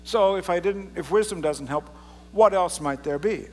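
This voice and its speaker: A pastor preaching a casual, joking sermon and reading scripture aloud with drama. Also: male voice, high voice, normal speed, darkish tone, long reverb tail. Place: church sanctuary.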